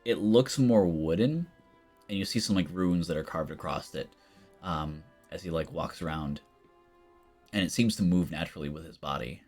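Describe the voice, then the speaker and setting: Very deep-voiced male game master. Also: normal speed, darkish tone. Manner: loose, rambling narration full of fillers. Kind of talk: narrating a tabletop game. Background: faint background music.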